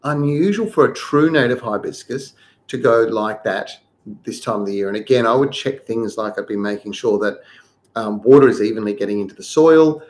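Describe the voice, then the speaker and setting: A man's voice: lowish voice, normal speed, a little mellow. A middle-aged man, hosting a live gardening show. He reads viewers' questions aloud and then gives practical advice.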